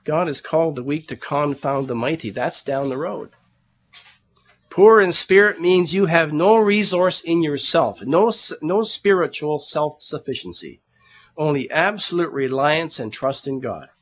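A pastor with a fairly high voice and lively intonation preaches a little slowly, in an earnest, conversational manner. He addresses the congregation as brethren and often repeats words while hunting for the next one.

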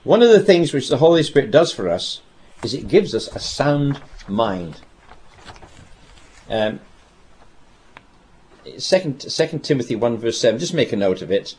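Animated male preacher, lively pitch. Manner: animated storytelling with dramatic pauses and repetition. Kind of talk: sermon.

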